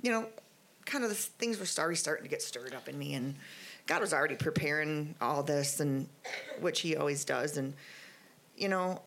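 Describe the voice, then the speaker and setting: A middle-aged woman giving a testimony at church, telling her story in an animated, rambling way with many fillers. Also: low voice, fairly quick. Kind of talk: spoken testimony.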